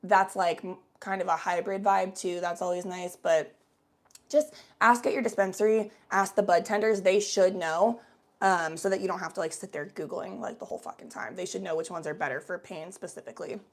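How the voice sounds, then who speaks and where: Her voice is lowish and steady at a normal speed. She's a young woman from the United States running a laid-back livestream, reading viewer comments out loud and chatting with them playfully and loosely, full of filler words.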